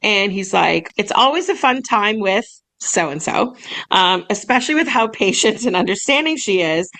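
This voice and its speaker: A woman's voice: mid-range voice, expressive, moderate pace, fairly bright tone. A young woman co-hosting a podcast in casual chat, bubbly and laughing often as she reads emails aloud. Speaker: podcast co-host, massage business owner.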